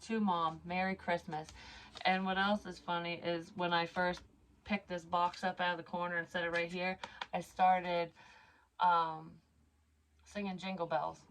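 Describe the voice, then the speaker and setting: A middle-aged woman talks to her camera in a loose, meandering way, full of "like" and "you know" and casual swearing. Her voice sits a little low, and she slows down to read cards aloud. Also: fairly bright tone, a little hiss or hum. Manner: rambling, swears casually, many fillers; reads cards aloud slowly. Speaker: psychic medium vlogger. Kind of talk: casual personal vlog.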